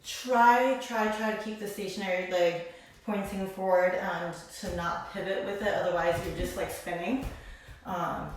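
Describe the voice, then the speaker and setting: A woman's voice: on the low side, fairly even intonation, unhurried, a little hiss or hum. A woman leading a live-streamed pelvic health workout, counting reps and cueing moves while slightly out of breath. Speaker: pelvic health exercise instructor. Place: indoor room. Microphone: phone camera across the room. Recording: echoey room, voice far from the mic.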